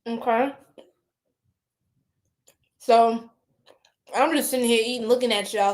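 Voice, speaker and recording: A woman's voice: fairly high pitch, slow pace, long pauses. A woman with an American lilt hosting a tarot livestream, chatting casually with her viewers, laughing often and swearing freely. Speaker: tarot reader livestream host.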